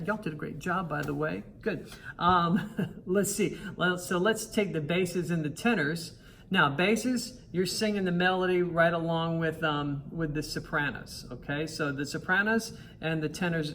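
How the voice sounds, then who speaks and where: A man teaching a choir its parts, singing the lines, counting in and talking in a relaxed, encouraging way over loud piano. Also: on the high side, unhurried. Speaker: choir director. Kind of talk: choir rehearsal tutorial. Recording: piano music loud behind him.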